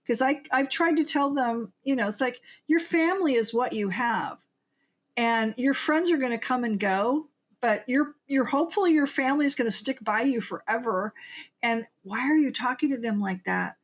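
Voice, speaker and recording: Older woman guest, higher voice, animated rambling storyteller on a podcast interview. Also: moderate pace. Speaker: guest author.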